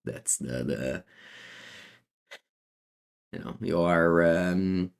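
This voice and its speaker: A man's voice: low-pitched, very slow, creaky. A man with an Italian accent giving casual commentary as he plays a card game and answers chat, rambling with lots of fillers and restarts. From Italy. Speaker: streamer playing a card game.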